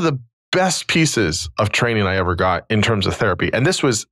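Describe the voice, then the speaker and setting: A man's voice: on the low side, a little fast, dry recording. A man in his forties, a podcast host and therapist, telling a long personal story in casual conversation and acting out the people he quotes. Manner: animated, acts out quoted dialogue.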